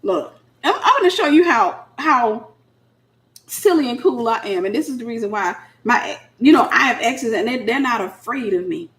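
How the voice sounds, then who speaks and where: A woman's voice: on the high side, expressive, normal speed, a bit bright. Blunt, sassy woman preacher. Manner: blunt, sassy, acts out quoted voices. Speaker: minister speaking to single women. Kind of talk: informal preaching.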